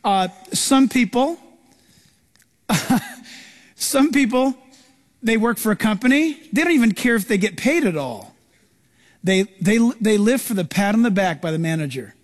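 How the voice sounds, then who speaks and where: A man's voice: high-pitched, lively intonation, a little slow, pauses often. A man preaching as a pastor, telling stories animatedly and acting out the voices of people in them. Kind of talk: sermon. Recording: live sermon in a reverberant hall.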